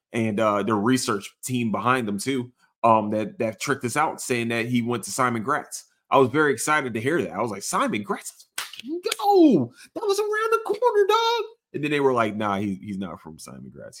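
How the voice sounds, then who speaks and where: A man hosting a casual sports podcast, rambling and swearing, jumping into sudden high excited outbursts. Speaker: podcast host.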